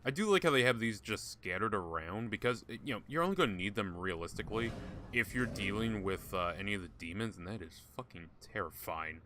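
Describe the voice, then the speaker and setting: A man's voice: lowish voice, expressive, fairly quick, noisy background. A man giving casual gameplay commentary, joking, swearing often and talking to game characters. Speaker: gaming YouTuber.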